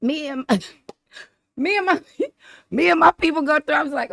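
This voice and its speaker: A woman's voice: sits high, moderate pace, creaky, pauses often, bright, forceful tone, no echo, studio quality. A woman vlogger, rambling through casual political commentary, repeating herself and laughing often.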